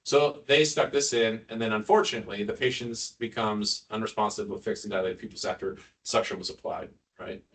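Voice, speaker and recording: Low and a bit bright, this man's voice moves fairly quickly with few pauses as he delivers a casual, joking neurosurgery lecture to nurses. He quizzes the room and slips in asides, and the distant recording carries the audience's murmur.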